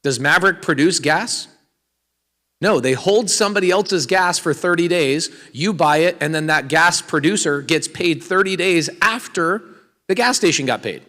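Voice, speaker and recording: A man's voice: on the high side, moderate pace, a bit bright, big-room sound. A man giving a live real estate seminar, energetically quizzing the audience with questions and asking for raised hands. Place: large hall with an audience.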